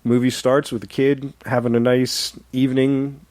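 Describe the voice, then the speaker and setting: A man talks film in a loose, joking podcast chat, laughing often and reaching for crude gags. His voice sits at a middling pitch. He is recorded close on a dry mic. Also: flat delivery, moderate pace, darkish tone, dry recording. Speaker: podcast co-host. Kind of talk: casual movie-discussion chat.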